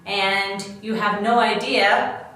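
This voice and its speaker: A woman's voice: mid-range voice, steady tone, slow pace, bright, forceful tone. A middle-aged woman, a DIY expert, casually talking through a craft demonstration step by step in a chatty, self-deprecating way. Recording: echoey room, mic at a distance, faint background noise.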